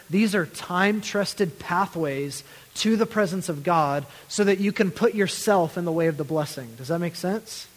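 Preacher, male, slightly high voice, earnest and pleading, long church reverb. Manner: earnest, building to pleading intensity then dropping to near-whispers. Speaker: pastor. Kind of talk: sermon.

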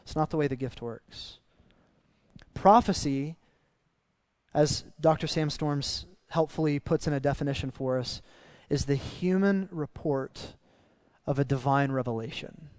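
A man preaching a sermon as pastor, animated and swinging down to quiet emphasis on key phrases. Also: a little high, a little slow, dry recording.

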